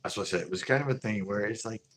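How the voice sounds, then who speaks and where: A man's voice: lowish voice, racing, a little hiss or hum. A man who runs a local store, telling a casual live story in a rambling, profane way with many restarts. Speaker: local fish store owner.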